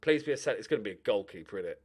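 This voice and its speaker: A man's voice: on the low side, rapid-fire, breathy edge. Chatty man commentating his game. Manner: animated, talks to himself, swears and mutters. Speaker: gaming commentator. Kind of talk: casual gameplay commentary.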